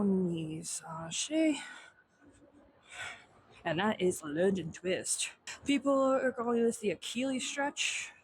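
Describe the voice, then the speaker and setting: A young woman teaching a stretching warm-up, slightly out of breath, counting aloud in Japanese. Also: mid-range voice, slightly rough, poor audio. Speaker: fitness instructor. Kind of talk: instructional demo while exercising.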